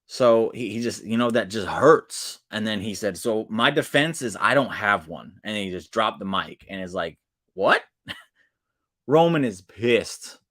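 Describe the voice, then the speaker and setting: A man recapping a wrestling show in casual solo talk, excitable, swinging between loud bursts and quiet asides. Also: lowish voice, a little slow. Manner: excitable, swings loud and soft, restarts often.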